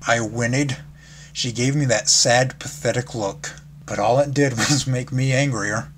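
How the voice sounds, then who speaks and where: A man's voice: medium pitch, fairly even intonation, unhurried. A man reads a fan fiction story aloud in a casual way, with small slips and restarts. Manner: casual reading with slips and laughs. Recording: background noise.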